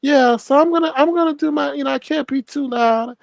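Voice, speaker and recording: Guy doing a high squeaky flustered lady voice, all eager and apologetic. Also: fairly quick, gravelly, no room sound. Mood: placating. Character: flustered woman promising to keep quiet.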